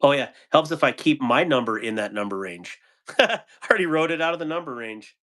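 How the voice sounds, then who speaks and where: Male livestream host, casual and relaxed, mid-range voice, reads chat between chuckles. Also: mid-range voice, brisk. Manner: laid-back, chuckles often, trails off with ums.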